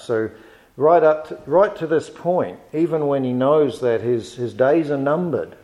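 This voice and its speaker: A man preaching a sermon in an earnest, measured way, reading scripture aloud and building to emphatic rises. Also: mid-range voice, expressive, a little mellow, poor audio.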